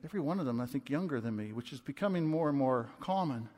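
A man in his twenties preaching a sermon as a pastor, impassioned and swinging from loud to hushed. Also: mid-range voice, expressive, fast talker. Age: 20s. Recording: long reverb of a large hall.

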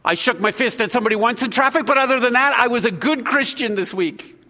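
A man playing a self-satisfied churchgoer who boasts breezily about his good week, in a higher, quicker voice. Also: pushed and bright, long reverb tail, full character voice. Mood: smug.

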